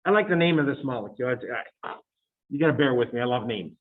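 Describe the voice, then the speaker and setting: A man's voice: medium pitch, animated, fast talker. Chatty male chemistry lecturer, tinny audio. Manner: chatty, joking asides to students. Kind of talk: recorded lecture.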